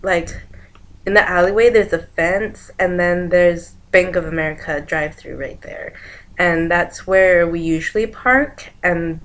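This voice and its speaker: A young woman talks through a dream she had in a loose, rambling vlog style, stringing events together with "and then" and jumping into the voices of the people in it. Her voice sits a little low for a woman. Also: a little slow. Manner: rambling, chains events with "and then", acts out quoted lines. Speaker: vlogger. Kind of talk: casual dream retelling.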